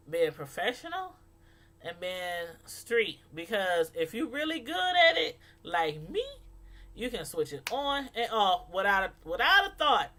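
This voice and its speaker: A woman speaking African American Vernacular English, chatting casually to camera as a reviewer, animated and laughing often as she acts out voices. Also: mid-range voice. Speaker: YouTube reality-show reviewer.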